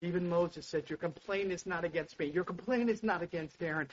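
High-pitched guy preaching, goes from hushed to shouting, kinda muffled lo-fi sound. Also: brisk, hardly any pauses. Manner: impassioned, swings from hushed to loud exclamations. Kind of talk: sermon. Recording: dull lo-fi sound.

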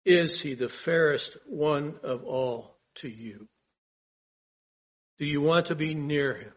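A man delivers a sermon at an unhurried, deliberate pace, his voice slightly husky. He builds through rhetorical questions and lifts his volume on key phrases. The recording is a bit dull and lo-fi. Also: fairly high pitch. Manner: earnest, asks rhetorical questions, swells in emphasis. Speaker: pastor.

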